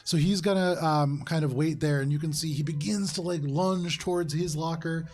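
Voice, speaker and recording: A man runs a live tabletop game, narrating the action vividly, with rambling fillers and little hums. His voice sits somewhat high. Faint music plays behind him. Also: fairly even intonation, moderate pace, a little mellow. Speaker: game master.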